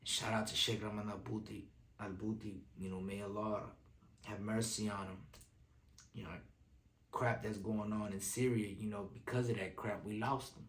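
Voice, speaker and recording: A man's voice: on the low side, flat delivery, moderate pace. Streetwise man in an echoey room. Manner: streetwise slang, repeats lines for emphasis. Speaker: commentator. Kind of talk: casual video commentary.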